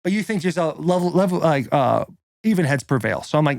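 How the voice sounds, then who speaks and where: A man's voice: fairly high pitch, animated, quick pace, vocal fry, darkish tone, no echo, studio quality. A young man co-hosting a podcast, telling a rowdy story in casual chat and acting out the quotes. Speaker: podcast co-host.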